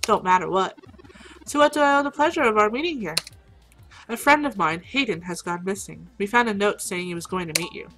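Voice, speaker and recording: A woman's voice: mid-range voice, expressive, fairly quick, lightly acted, rough recording. A woman voicing a breezy hacker who calls people hun, attempting a drawl and reading the lines aloud. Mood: easygoing.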